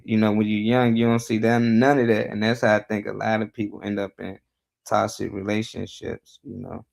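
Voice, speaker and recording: A man's voice: on the low side, gravelly, a little mellow. A man talking bluntly and casually on a live talk show, laid-back and profane as he tells his views.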